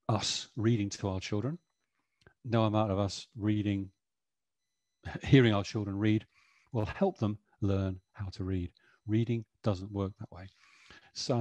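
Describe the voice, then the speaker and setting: Husky, mellow man presenting. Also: fairly low pitch, dry recording. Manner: chatty, explanatory, frequent "you know". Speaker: webinar presenter. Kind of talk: educational webinar talk.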